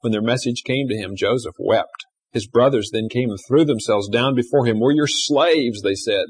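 A man preaching a sermon, swinging between loud emphatic stretches and hushed, quiet asides. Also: on the low side, normal speed, husky. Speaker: pastor.

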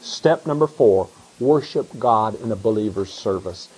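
A middle-aged man, a pastor, preaching a conversational sermon that swings between hushed asides and excited emphasis. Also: lowish voice, measured pace, a little hiss or hum, poor audio.

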